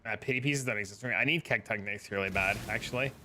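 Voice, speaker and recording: A man's voice: fairly low pitch, quick pace, sharp tone, a little hiss or hum. A man streaming a game, chatting casually in a laid-back, profane, rambling way full of fillers. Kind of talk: casual live-stream chat.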